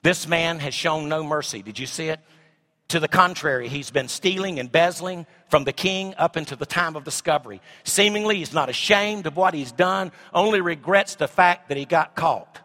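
Middle-aged man, pastor mid-sermon, bright ringing tone, big dynamic swings. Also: fairly high pitch, moderate pace. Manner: swings from shouting to hushed asides.

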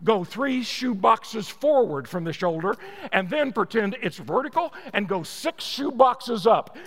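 A man voicing a seasoned male professional hunter who gives calm, firm instructions. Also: high-pitched, a little slow, big-room sound.

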